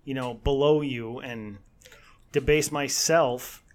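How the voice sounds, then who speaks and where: A man's voice: medium pitch, fairly even intonation, slow pace. Male co-host, mid register, casual and wry, short sarcastic interjections. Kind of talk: casual chat.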